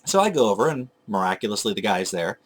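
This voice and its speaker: Talking fast in a lowish, sing-song voice, a retro game collecting vlogger rambles to camera. His long, wandering tale about tracking down old video games is casual and chatty, with frequent self-corrections.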